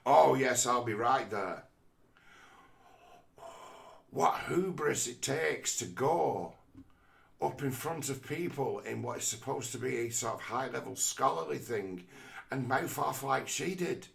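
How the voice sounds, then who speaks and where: A man hosting a podcast, talking through his views in an animated, mocking way, with frequent fillers. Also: mid-range voice, unhurried, creaky. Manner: animated, mocking quoted voices, many fillers. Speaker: podcast host. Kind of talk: casual commentary.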